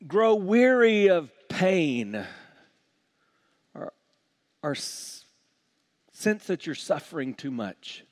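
A man preaching a sermon as pastor, swinging from loud emphasis to hushed quiet and slowing down to stress key words. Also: sits high, very animated.

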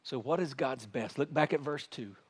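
A male pastor preaching a sermon, animated, swinging between quiet, intimate passages and loud, excited ones. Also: medium pitch, moderate pace, breathy edge.

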